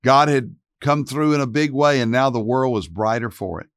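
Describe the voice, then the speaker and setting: A man narrating a Bible story in a calm, reflective way. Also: mid-range voice, normal speed, no echo, studio quality.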